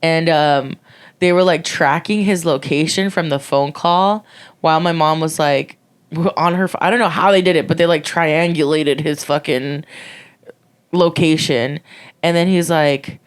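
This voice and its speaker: A woman in her twenties co-hosting a podcast, telling a story casually, swearing freely and acting out quotes in a high voice. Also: fairly even intonation, unhurried, clean tone. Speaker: podcast co-host.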